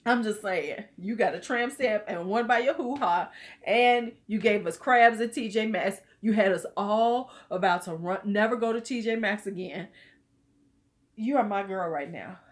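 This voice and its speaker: A woman's voice: mid-range voice, normal speed. A middle-aged woman hosting a casual live chat, talking loosely and bawdily and laughing along with her viewers. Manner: chatty, loose and bawdy, laughing with commenters. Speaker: host of a live beauty chat.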